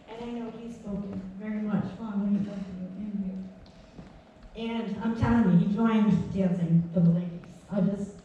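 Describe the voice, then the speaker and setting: A woman's voice: mid-range voice, darkish tone, lo-fi sound. A woman giving an informal, heartfelt eulogy at a dance community gathering, telling stories and laughing as she goes. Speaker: speaker at a memorial tribute. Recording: echoey hall from far off, faint background noise.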